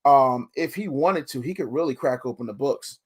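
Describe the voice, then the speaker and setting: A man hosting a podcast, chatting casually and telling stories in an animated, profane way. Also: mid-range voice, normal speed, breathy edge. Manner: animated, profane storytelling with acted quotes. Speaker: podcast host.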